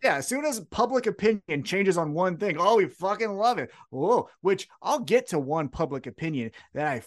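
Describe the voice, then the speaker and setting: A male podcast co-host who rants with strong opinions and swears often. His voice sits fairly high for a man and swings widely in pitch as he gets worked up. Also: big pitch swings, normal speed. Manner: profane, opinionated ranting. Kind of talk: casual wrestling podcast chat.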